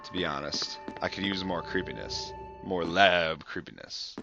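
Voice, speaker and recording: Chatty low-voiced man over game music. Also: normal speed, hardly any pauses, sharp tone, highs cut off. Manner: chatty, self-mocking, swears when startled. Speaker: gameplay commentator. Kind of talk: casual walkthrough commentary.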